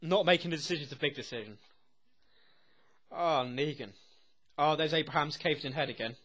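A young man reacting to a TV episode as he watches. He talks excitedly, swears constantly and often laughs. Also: on the high side, normal speed. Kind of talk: live reaction commentary.

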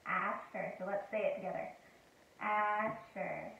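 A woman's voice: fairly high pitch, lively intonation, fairly bright tone. Woman leading a sing-song counting rhyme. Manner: slow, encouraging, guiding step by step. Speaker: parent modeling a classroom activity. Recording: echoey room, dull lo-fi with noise.

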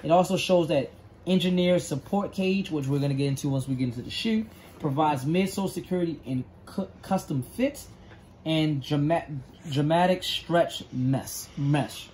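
A man's voice: a little high, normal speed, darkish tone, slight background noise. A man casually reviewing sneakers, reading product details aloud and stumbling over words.

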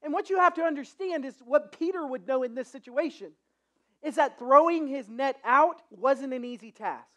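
Pastor, high pitch, casual storytelling sermon delivery, animated, with frequent restarts. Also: normal speed.

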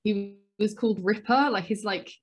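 Chatty woman podcast co-host, mid-pitched, rambling and excitable, full of fillers and self-corrections. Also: moderate pace, husky. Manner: excitable, gasps and exclaims. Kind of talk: casual chat.

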